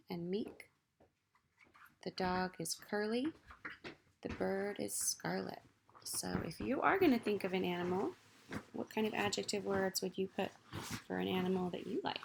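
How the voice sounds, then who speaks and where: Gravelly-voiced teacher woman reading to kids. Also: medium pitch, noisy background. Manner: gentle, encouraging, talking to children. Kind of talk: reading poems aloud to students.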